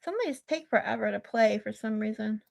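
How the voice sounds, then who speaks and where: A middle-aged woman with a slightly high voice talks casually to her livestream audience. She rambles, drifts into side stories and reads out viewer comments. She laughs easily. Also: brisk, creaky, very noisy. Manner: laughs often. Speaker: livestream host.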